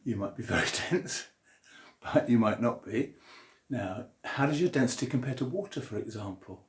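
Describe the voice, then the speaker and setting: A man's voice: medium pitch, lively intonation, moderate pace, slight background noise. A man giving a jokey science lesson full of puns and drawing diagrams as he explains. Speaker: science teacher. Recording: roomy echo.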